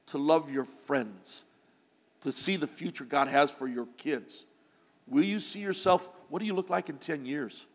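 An older man, a pastor, preaching a sermon through a long personal story, now and then breaking into loud shouts. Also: medium pitch. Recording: long hall reverb.

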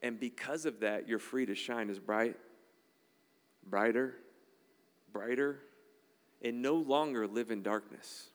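A man's voice: medium pitch, slow pace, long pauses, long reverb tail. A man preaching a sermon in a conversational, emphatic style, checking in with the congregation often. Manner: emphatic, conversational preaching with frequent "all right?" asides. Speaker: pastor.

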